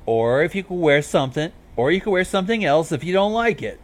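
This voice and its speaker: A man's voice: a little high, big pitch swings, fairly quick, pitched above the performer's own voice. A man voicing a brash, cool young vampire mare DJ who talks casually and teases bluntly. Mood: teasing.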